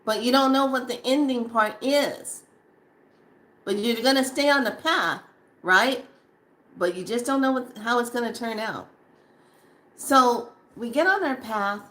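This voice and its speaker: A woman speaking casually to camera about staying on a spiritual path, animated and acting out her own past reactions. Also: fairly high pitch, unhurried, long pauses.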